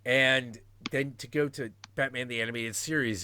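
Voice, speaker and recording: A man's voice: medium pitch, moderate pace, hardly any pauses, bright, forceful tone. A man in his forties hosting a stream in casual chat, talking animatedly and profanely and acting out quotes. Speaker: stream host.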